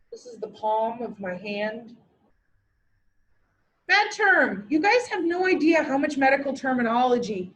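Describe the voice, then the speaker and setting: A woman teaching a classroom lecture, lively, asking her students questions and answering them herself. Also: high voice, slight background noise, poor audio.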